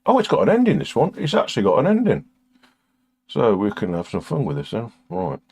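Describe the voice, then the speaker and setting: A man's voice: medium pitch, wildly swooping pitch, a little fast, a little mellow, slightly rough. An older man chatting casually on a live stream while recording music, sardonic and crude, muttering to himself as he works.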